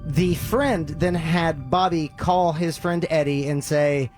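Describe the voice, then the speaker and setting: Brief: man, slightly raised pitch, lively casual storyteller, faint music behind. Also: unhurried, few pauses. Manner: animated retelling, with filler ums and uhs. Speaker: podcast host telling a story. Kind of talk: casual storytelling among friends.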